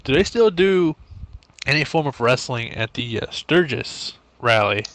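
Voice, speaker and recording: A male podcast host with a bright, forceful tone, recorded dry with little room sound. His pitch sits in the middle range. He mostly reacts with short wows and rights, and now and then he asks a loose follow-up question. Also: lively intonation, unhurried, no echo. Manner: brief reactions, "wow" and "right". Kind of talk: casual interview.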